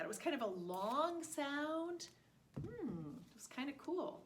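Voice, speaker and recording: Woman preschool teacher, bouncy sing-song voice, kinda high, faint hiss behind her. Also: measured pace. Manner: sing-song, exaggerated and animated for small children. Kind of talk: lesson for young children.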